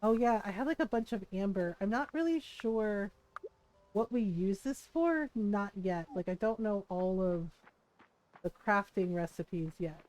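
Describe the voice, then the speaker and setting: Chatty woman streamer, mellow voice. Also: medium pitch, expressive, measured pace, poor audio. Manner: chatty storytelling, acts out quotes with laughs. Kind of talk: casual chat while gaming.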